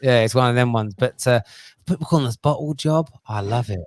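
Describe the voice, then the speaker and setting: A man hosting a lively football fan panel, full of quick teasing banter. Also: medium pitch. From England. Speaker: host of a football fan show.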